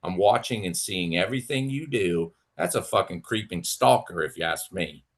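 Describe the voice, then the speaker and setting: A man's voice: deep voice, lively intonation, moderate pace. A man on a livestream, ranting angrily and sarcastically at a rival, swearing freely and mocking him. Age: adult with children. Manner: profane, heated, sarcastic. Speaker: livestream host. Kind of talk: angry rant to a rival.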